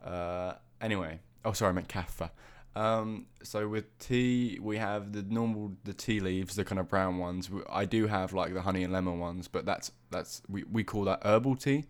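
A man's voice: low voice, normal speed, hardly any pauses. A young British man co-hosting a podcast in casual chat, rambling and hesitant. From Britain. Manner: rambling, hesitant, easily amused. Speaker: podcast co-host.

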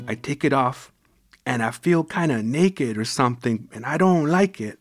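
A man reading his own first-person story aloud with an unhurried, intimate and expressive delivery. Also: mid-range voice. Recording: music playing behind the voice.

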